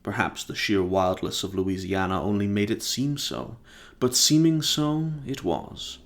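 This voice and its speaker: Man reading as a gentle centuries-old vampire, calm and unhurried, deep gravelly voice. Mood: reminiscing. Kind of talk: casual novel reading.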